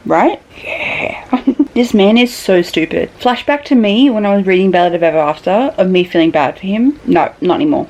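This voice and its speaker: A young woman chatting casually in a reading vlog, swearing freely and swinging between murmured asides and excited outbursts. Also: mid-range voice, normal speed, slight background noise, low-quality recording. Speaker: book vlogger. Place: bedroom.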